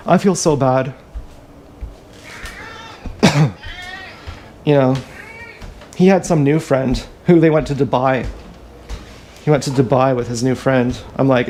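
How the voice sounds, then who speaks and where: A man rambling crudely through a live stream monologue, often clearing his throat. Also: mid-range voice, a little slow, pauses often, a little mellow, a little hiss or hum. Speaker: livestreamer. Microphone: action camera.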